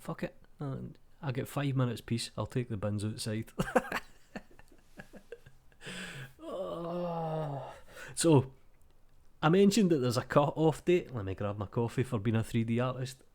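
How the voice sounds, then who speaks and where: A man's voice: medium pitch, a little mellow. A Scottish man in his thirties with a Glasgow accent, chatting casually and bluntly, swearing freely and poking fun at himself while he plays a game. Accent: Glaswegian Scottish. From Scotland. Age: 30s. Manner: sweary, blunt and self-deprecating; playing a game while talking. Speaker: YouTube 3D tutorial creator. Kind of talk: casual rambling vlog chat.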